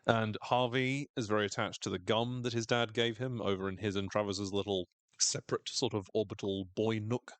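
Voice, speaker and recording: A man's voice: fairly low pitch, steady tone, normal speed, hardly any pauses, no room sound. A man co-hosting a podcast, recapping a show in casual chat and playfully putting on character voices. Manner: jokey, often mimics characters in raised voices. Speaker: podcast co-host.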